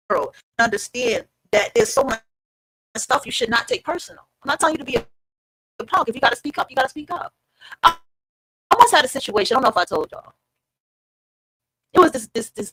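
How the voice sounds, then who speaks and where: A woman's voice: medium pitch, pushed and bright, slightly rough, no echo, poor audio. A woman hosting an online podcast, talking casually and emphatically to her listeners and swearing freely. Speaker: podcast host. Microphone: streamed online podcast.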